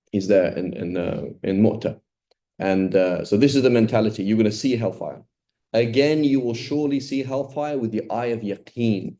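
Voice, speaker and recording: A man's voice: lowish voice, mellow. A man giving an informal Quran lesson, blunt and emphatic, often checking in with "right?". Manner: blunt, emphatic, conversational with many "right?" tags. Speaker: Quran teacher.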